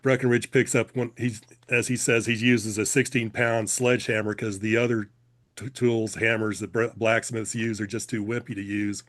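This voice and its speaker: A man retelling a funny story in casual chat, laughing often and stopping to clear his throat. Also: on the low side, level tone, moderate pace, a bit bright.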